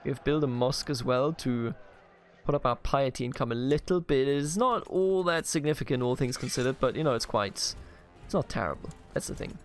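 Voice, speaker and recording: A man from Bavaria in Germany narrates his strategy game with playful, mock-grandiose asides to its characters. His voice sits at an ordinary middle pitch for a man, and soft music plays faintly underneath. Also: a little fast. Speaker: gaming video host. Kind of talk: strategy game let's play commentary.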